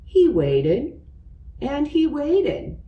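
Woman reading a kids book out loud, lots of sound effects, echoey room, mic kinda far. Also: sits high, lo-fi sound. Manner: slow, expressive, with sound effects. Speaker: storyteller. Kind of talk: reading a picture book aloud. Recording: roomy, away from the mic.

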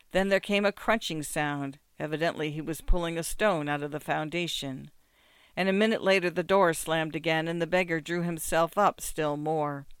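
Guy reading a classic story aloud, kinda high voice, clear, no room echo. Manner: expressive, measured storytelling. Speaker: narrator. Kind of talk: audiobook narration of a classic story.

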